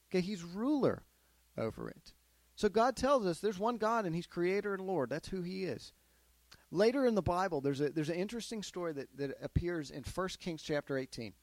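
A man teaching a Bible lesson to a group of children, keeping them involved with steady questions and lively storytelling. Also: sits high, normal speed, dry recording. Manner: asks the kids questions, animated storytelling. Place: classroom with children.

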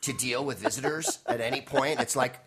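A middle-aged man, a stand-up comedian and guest, telling rambling, animated stories in casual conversation and acting out other people's voices. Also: medium pitch, brisk. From United States (San Francisco).

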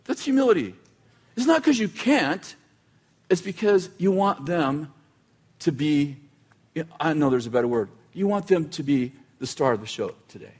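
A man with a notably high voice delivers a relaxed, chatty sermon. He stops and restarts his sentences and drops in dry asides as he goes. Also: moderate pace, slightly rough. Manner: casual, self-interrupting, with wry asides. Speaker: preacher. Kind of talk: conversational sermon.

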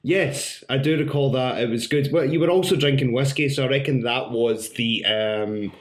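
A man's voice: mid-range voice, moderate pace. Dry-joking male podcast host. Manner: dry teasing humour. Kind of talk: casual podcast interview. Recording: echoey room.

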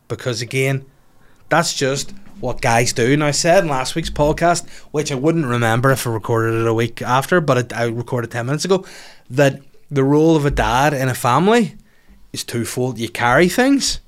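A man's voice: mid-range voice, fairly quick. A man hosting a podcast, telling a rambling comic story with lots of swearing. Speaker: podcast host.

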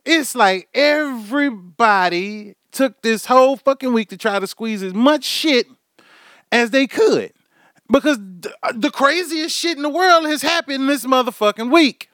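A man's voice: extremely high pitch, unhurried, fairly bright tone, no echo, clean studio sound. A man hosting his own podcast, rambling through a swear-filled comic rant. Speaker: podcast host. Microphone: podcast microphone.

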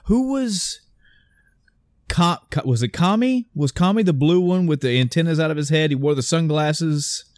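A man's voice: on the high side, moderate pace, no echo. Chatty man, dry close sound. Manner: rambling, animated storytelling with many restarts. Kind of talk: casual chat.

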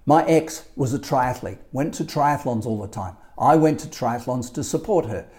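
Emphatic Australian life coach, mellow voice. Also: male voice, mid-range voice, moderate pace. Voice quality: emphatic, repetitive. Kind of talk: solo podcast monologue.

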